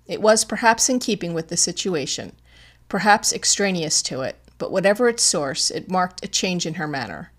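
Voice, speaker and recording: A woman's voice: on the low side, expressive, normal speed, a bit bright. Woman reading a classic mystery aloud. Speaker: audiobook narrator. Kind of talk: scripted narration of a classic detective story.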